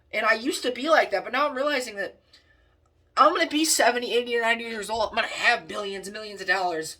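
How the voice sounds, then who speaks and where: A man's voice: sits high, quick pace, pushed and bright, poor audio. Earnest young man preaching to camera. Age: young adult. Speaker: motivational vlogger. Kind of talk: casual motivational talk to camera.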